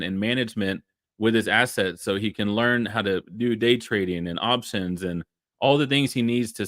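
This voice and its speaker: A man with a fairly low voice hosts a live online event. He introduces the guest with eager, cheering energy. The recording is close and dry. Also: fairly bright tone, no room sound. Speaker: livestream host.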